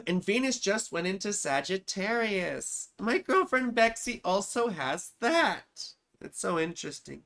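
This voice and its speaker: A woman's voice: mid-range voice, big pitch swings, unhurried, fairly bright tone. A woman astrologer hosting a live chart-reading stream, talking in a rambling, profane, self-mocking way. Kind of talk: casual livestream chat.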